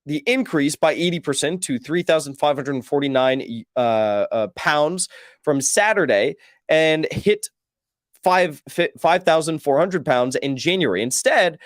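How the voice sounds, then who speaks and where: A man's voice: on the high side, lively intonation, measured pace, dry recording, studio quality. A man hosting a political show, reading news articles aloud and adding commentary, stumbling over numbers. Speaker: host.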